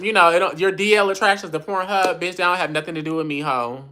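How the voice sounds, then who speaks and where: A woman's voice: low voice, animated, fairly quick, few pauses, bright, forceful tone, slight background noise. Sassy, profane woman on a livestream. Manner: reads viewer comments aloud and answers them. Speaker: livestream host. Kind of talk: casual livestream chat.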